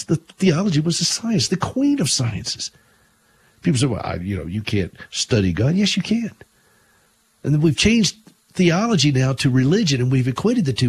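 A man's voice: mid-range voice, slightly rough. A middle-aged man hosting a Christian radio talk show, telling stories and preaching earnestly, often repeating words when emphatic.

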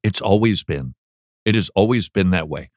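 A man's voice: deep voice, normal speed, no echo. Playful man on a dry mic. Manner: playful, mocks flat reading with droning voice. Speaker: podcast host. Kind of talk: casual chat.

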